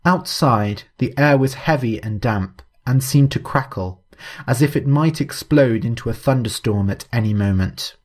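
A man narrating a story in a measured, even, scripted way. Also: mid-range voice.

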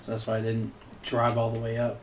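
A man's voice: mid-range voice, a little fast, a little hiss or hum. A man giving casual, swearing commentary while playing a video game. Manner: swears freely, muttering with sudden excited outbursts. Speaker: let's play gamer.

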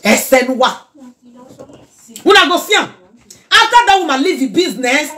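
Nigerian woman, high bright voice, preachy Pidgin reaction rant, bursts into song. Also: moderate pace, pauses often. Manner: animated, preachy, mixes Pidgin and local language, breaks into song.

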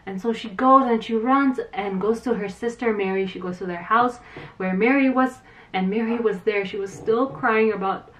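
A woman teaching Sunday school to children, retelling a Bible story in an animated way and acting out the quotes, with some fillers. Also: mid-range voice, moderate pace, far from the mic.

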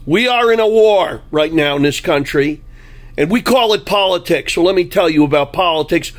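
A man delivering a blunt, combative political monologue, full of anecdotes. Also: high-pitched. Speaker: political commentary host.

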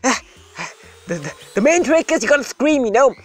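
A gaming host giving playful, rambling let's-play commentary that breaks into sudden excited shouts. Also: sits high, normal speed.

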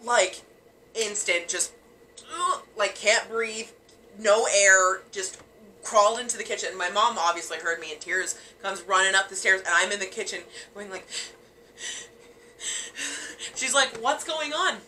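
A woman's voice: medium pitch, normal speed, slight background noise, low-quality recording. A young woman casually telling friends about a scary ghost experience, acting out the quotes with lots of fillers. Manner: animated, acts out quotes, many fillers. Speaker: storyteller sharing a ghost experience. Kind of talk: casual storytelling among friends.

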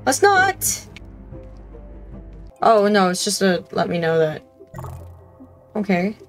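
A woman's voice: fairly low pitch, fairly even intonation, a little slow, faint music behind. A woman hosting a gaming channel, talking to herself as she plays, humming, reading in-game text aloud and laughing at her own scares. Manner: chatty, talks to herself, hums and reads aloud; easily startled, laughs at herself. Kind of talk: let's-play commentary.

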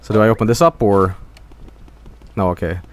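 A man's voice: lowish voice, fairly even intonation, fairly quick. A young man giving casual live gameplay commentary, rambling and full of fillers. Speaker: streamer.

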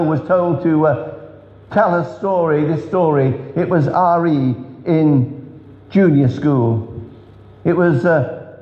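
A man preaching an earnest revival sermon, telling stories with emphatic pauses. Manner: earnest, storytelling, emphatic drops in pitch. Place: large church hall. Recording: echoey church hall, dull sound.

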